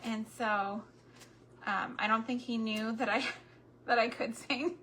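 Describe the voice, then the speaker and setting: A woman vlogger talks to her viewers while she works on a craft, chatty and tender, with a bright, fairly high voice. She speaks slowly and unhurriedly, and keeps turning to the audience with little asides. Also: fairly even intonation, a little hiss or hum. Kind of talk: casual chat while crafting.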